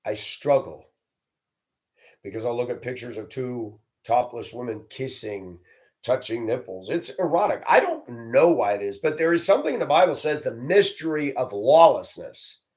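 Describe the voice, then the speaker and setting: A man's voice: medium pitch, animated, moderate pace, a little mellow. A man hosting his own video, delivering a blunt, combative, profane rant and mocking others in a raised voice. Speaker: video host. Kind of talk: ranting monologue.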